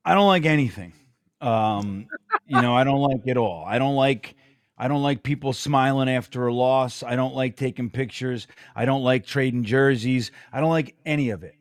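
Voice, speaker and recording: A man's voice: medium pitch, moderate pace, dry recording, clean studio sound. A man co-hosting a casual sports talk show, blunt and grumpy, swearing freely as he rants. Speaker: podcast co-host.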